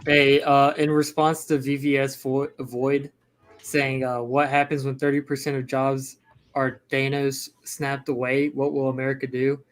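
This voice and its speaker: A man's voice: mid-range voice, flat delivery, unhurried, faint music behind. A man in a casual livestream chat, ranting gloomily and crudely as co-host.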